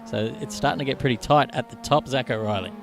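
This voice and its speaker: A man's voice: mid-range voice, fairly bright tone, slight background noise. Chatty race commentator man. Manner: chatty, quick, laughs along. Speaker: sim racing commentator.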